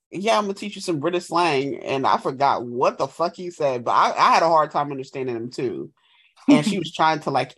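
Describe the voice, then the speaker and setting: Woman, podcast co-host, casual chat, lively swinging pitch, animated storyteller. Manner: animated storyteller, acts out quotes in high voices.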